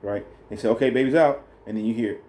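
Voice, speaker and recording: A man telling a birth story in a relaxed, rambling way, co-hosting a casual chat with his partner. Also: mid-range voice, fast talker, slight background noise. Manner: rambling, animated when retelling. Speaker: co-host, new father.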